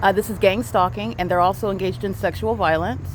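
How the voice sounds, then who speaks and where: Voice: medium pitch, fairly even intonation, fairly quick, noisy background. A speaker narrating outdoors on a city street at night, talking in an urgent, repetitive way. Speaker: self-documenting vlogger.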